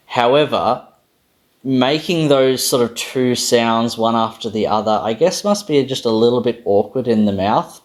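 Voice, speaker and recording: A man's voice: medium pitch, unhurried. A man with an Australian accent giving a casual, self-deprecating explainer on pronunciation, stopping to say sounds aloud. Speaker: language video host.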